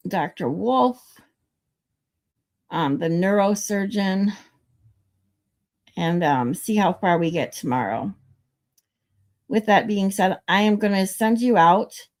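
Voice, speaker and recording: A woman hosts a livestream in a casual, chatty way. Her voice sits at an ordinary middle pitch as she talks straight to her viewers. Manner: chatty, flustered by tech trouble. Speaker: livestream host.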